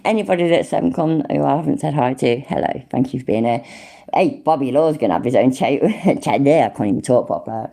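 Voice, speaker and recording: Casting: low-voiced woman, East Midlands accent, chatty, swears a lot, laughs often, livestream host. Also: expressive, fairly quick, gravelly, warm tone. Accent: East Midlands English. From English Midlands. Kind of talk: casual livestream chat with viewers.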